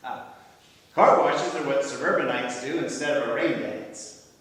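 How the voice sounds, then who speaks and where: A man's voice: medium pitch, unhurried, fairly bright tone, close to an everyday voice. A man acting a self-doubting writer and husband with a wry, self-deprecating manner, performed on a theatre stage. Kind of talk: amateur stage comedy acting. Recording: echoey hall, from far off.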